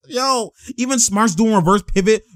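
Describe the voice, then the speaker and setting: A man giving loud, laughing, slangy commentary as he reacts to game footage. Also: sits high, unhurried, no room sound, studio quality. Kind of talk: excited live reaction commentary.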